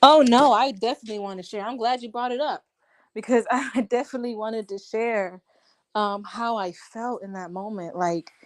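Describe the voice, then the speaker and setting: A woman hosting a live-stream chat, talking in animated, indignant bursts. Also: a little high, moderate pace, faint music behind. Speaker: host.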